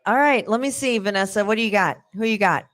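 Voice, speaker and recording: A woman's voice: medium pitch, fast, fairly bright tone. A woman hosting a live talk show from a bar, running through names and thanks in an upbeat way. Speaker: show host.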